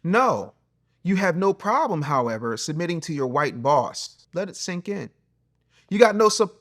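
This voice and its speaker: A man's voice: animated, normal speed. Blunt, preachy man giving advice. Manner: preachy and blunt, mocking put-on voices, swings from loud to low. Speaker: host and relationship coach. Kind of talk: solo advice monologue to camera.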